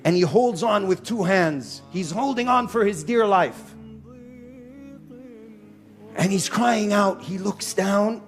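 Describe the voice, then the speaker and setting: A man preaching a lively sermon to a live audience in a hall, telling stories with acted-out voices and mixing in Arabic phrases. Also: high voice, takes it slowly, long pauses, faint music behind. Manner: animated storyteller, acts out shouting characters; mixes Arabic phrases and Quranic recitation. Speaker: Islamic preacher.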